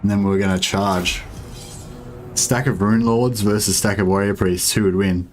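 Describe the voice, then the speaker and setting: A man's voice: lowish voice, steady tone, moderate pace, soft background music. A young man, streaming a strategy game and chatting casually with viewers, hesitant with many fillers. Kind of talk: casual gameplay commentary.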